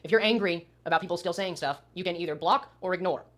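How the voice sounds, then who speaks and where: A man's voice: high voice, quick pace, a bit bright. A man co-hosting a commentary stream, reading aloud in a rush and adding wry remarks. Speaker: stream co-host.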